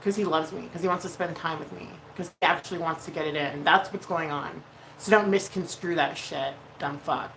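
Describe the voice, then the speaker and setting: A woman's voice: deep voice, fairly even intonation, brisk, vocal fry, a bit bright, a little hiss or hum, rough recording. A woman hosting a casual makeup livestream, chatty and freely swearing as she reads out viewer messages. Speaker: livestream host doing makeup.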